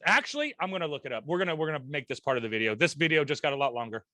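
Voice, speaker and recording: Male host, bright and forceful tone, loose rambling delivery with laughter. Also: on the high side, lively intonation, rapid-fire, no room sound. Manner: rambling, laughs often, restarts sentences. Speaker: podcast host. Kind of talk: casual chat.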